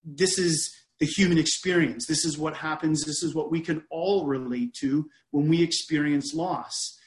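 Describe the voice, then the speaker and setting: A man preaching a sermon in a measured, deliberate way, often restarting his phrases. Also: on the high side, fairly even intonation, echoey room.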